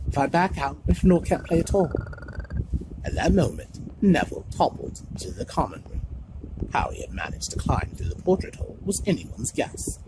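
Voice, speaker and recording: A man streaming, reading a storybook aloud in an expressive manner. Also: medium pitch. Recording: noisy home stream recording.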